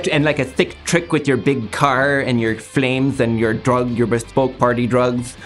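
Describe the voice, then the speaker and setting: A man's voice: medium pitch, steady tone, a little slow, few pauses, soft background music. A man in an improv comedy scene, rambling goofily with many fillers. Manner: rambling, goofy, full of fillers. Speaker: improv performer playing a clueless reporter.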